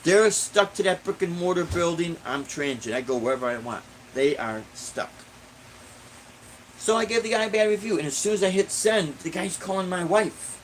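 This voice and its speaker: A man's voice: high-pitched, lively intonation, normal speed, a little hiss or hum, rough recording. A middle-aged man from Illinois, a street musician, ranting casually in a blunt, indignant way and repeating points for emphasis. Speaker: busking musician, vlogger.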